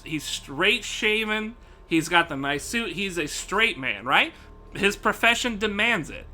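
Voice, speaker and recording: A man's voice: high-pitched, sharp tone. A man streaming live, ranting casually and profanely to his chat, laughing often.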